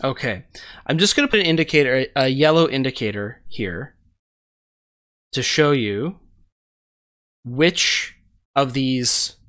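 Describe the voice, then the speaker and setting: A man running a tabletop game as game master, describing scenes in a measured way with frequent fillers. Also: mid-range voice, a bit bright.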